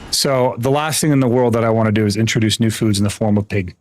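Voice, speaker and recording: An American man chats casually on a gaming livestream, rambling from one story to the next. He swears freely and trips over his words, restarting sentences as he goes. His voice keeps jumping up into a high, animated register. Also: quick pace. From United States. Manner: animated, often jumps up in pitch. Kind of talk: casual live-stream chat while gaming.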